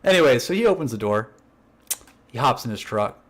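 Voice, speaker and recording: Telling a prank story on a podcast he co-hosts, this young man speaks a little quickly in a medium pitch. He laughs throughout and animatedly quotes his coworkers in their own voices.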